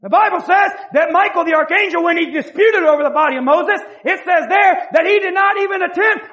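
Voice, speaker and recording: A male preacher, not a native English speaker, delivering a fiery sermon with passionate shouting, stammered restarts and sudden quiet asides. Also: very high voice, a little fast, a faint crowd. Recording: dull lo-fi church recording.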